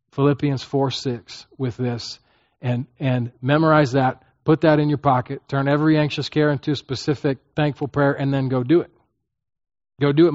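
A man's voice: medium pitch, darkish tone, no room sound, lo-fi sound. A man as a pastor preaching a conversational sermon, often checking in with the listeners and acting out prayers. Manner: conversational teaching, frequent "okay?" check-ins, acts out prayers.

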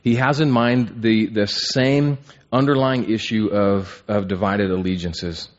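A man's voice: fairly low pitch, fairly even intonation, unhurried. A man teaching an interactive Bible class, asking the group questions and restarting his phrases with repeated words. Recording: dull lo-fi recording.

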